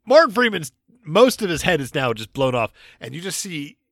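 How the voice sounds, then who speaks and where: A man co-hosting a casual movie-review podcast, quick-witted and teasing, arguing his points with jokes. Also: fairly high pitch, very animated, a bit bright, dry recording, clean studio sound. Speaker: podcast co-host.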